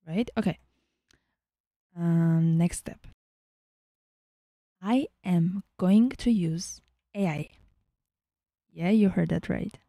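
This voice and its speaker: A woman hosting a casual software tutorial, chatting as she works and often dropping into a whisper. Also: fairly low pitch, extremely slow, pauses often, no room sound, clean studio sound. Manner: chatty, thinking aloud, often drops to a whisper. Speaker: tutorial host.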